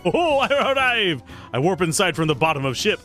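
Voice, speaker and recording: A man's voice: fairly high pitch, fast, fairly bright tone, soft background music, voice pushed up, natural voice. A man voicing a cheerful, gluttonous game creature that speaks in broken grammar. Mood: giddy.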